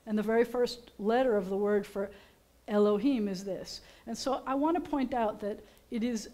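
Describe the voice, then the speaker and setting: A woman's voice: a little high, moderate pace, warm tone. A woman rabbi, chatting playfully as she teaches Hebrew letters at a service. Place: synagogue sanctuary.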